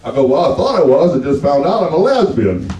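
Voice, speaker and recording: A Texan stand-up comedian in his seventies drawls through folksy stories, doing the voices of the characters. His pitch runs on the high side, and the low-quality recording sounds roomy, with the mic set at a distance.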